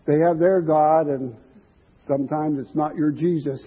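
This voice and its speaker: A man's voice: on the high side, fairly even intonation, unhurried, long reverb tail. A man preaching a sermon, earnest and musing, with chuckles and some restarts. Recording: tinny phone-like line.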